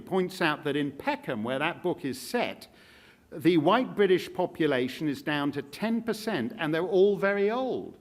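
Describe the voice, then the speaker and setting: A man giving a keynote speech in an auditorium, with a sardonic, jokey delivery. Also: fairly high pitch. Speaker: keynote speaker. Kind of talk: public speech.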